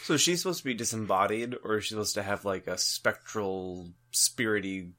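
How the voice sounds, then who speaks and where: A man's voice: on the low side, fairly quick, sharp tone. A man co-hosting a comedy podcast, riffing with crude, playful banter. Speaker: podcast co-host. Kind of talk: casual comedy chat.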